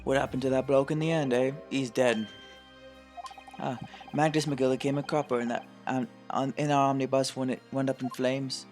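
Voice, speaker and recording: A man's voice: medium pitch, little pitch movement, moderate pace, a little mellow, soft background music, close to an everyday voice. A man voicing a blunt, dismissive middle-aged police inspector in a put-on British accent while playing a game.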